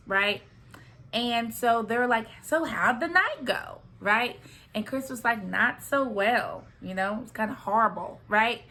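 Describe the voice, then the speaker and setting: A woman's voice: mid-range voice, fairly bright tone. A young woman chatting casually through a reality TV recap, sassy and talkative, often checking in with "okay?" and "right?".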